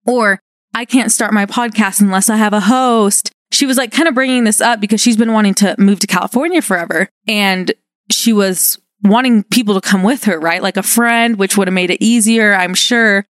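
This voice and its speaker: A young woman talks through her solo podcast in a casual, upbeat ramble, dropping "like" all through her sentences. Her voice sits at an ordinary pitch for a woman and is recorded dry and close, with no room echo. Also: fairly quick, a bit bright. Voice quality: upbeat, chatty with many "like" fillers. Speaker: podcast host.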